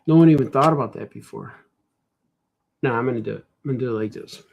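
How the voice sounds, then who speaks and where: A man's voice: medium pitch, quick pace, vocal fry, darkish tone. A man cartoonist thinking aloud in a casual drawing vlog, rambling and muttering to himself as he works. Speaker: cartoonist and comic shop host.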